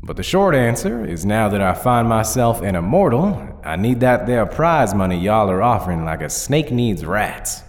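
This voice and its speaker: A man's voice: lowish voice, big pitch swings, normal speed, few pauses, in a large hall, voice pushed up. A man voicing a polite undead country singer with a Southern accent, formal and courteous.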